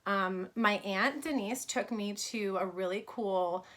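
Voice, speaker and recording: A woman's voice: mid-range voice, takes it slowly, a bit bright. A woman in her thirties from New York, telling a personal story in a casual vlog about her fashion brand, chatty with many fillers.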